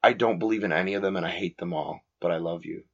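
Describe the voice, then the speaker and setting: A man's voice: low voice, fast talker. A man co-hosting a podcast from a small home studio, giggly and blunt in his crude banter. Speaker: podcast co-host. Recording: dull lo-fi recording.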